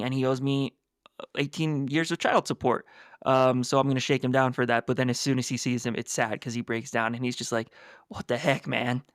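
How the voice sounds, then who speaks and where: A man chats casually on a book podcast, adding background to the story. His voice is smooth and resonant at an ordinary pitch. The sound is dry and close. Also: a bit bright, no echo. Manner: chatty, filling in story context. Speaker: podcast co-host.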